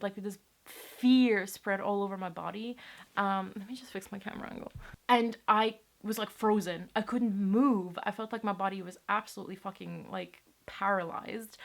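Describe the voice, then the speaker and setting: A young woman from Latvia telling a personal story to her camera in a rambling, casual way, swearing often. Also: medium pitch. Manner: chatty, rambling, swears casually, many fillers. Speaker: vlogger.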